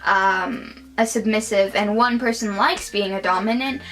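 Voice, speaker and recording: Slow-talking chatty woman reviewer. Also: medium pitch, fairly bright tone, a little hiss or hum, low-quality recording. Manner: chatty, opinionated, many fillers. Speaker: movie reviewer. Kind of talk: casual vlog review.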